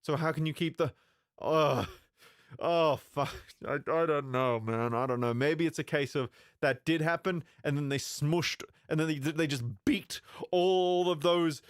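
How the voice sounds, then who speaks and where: A man's voice: on the high side, unhurried, no echo, studio quality. A man hosting a reaction video in casual commentary, rambling, stumbling over words and swearing.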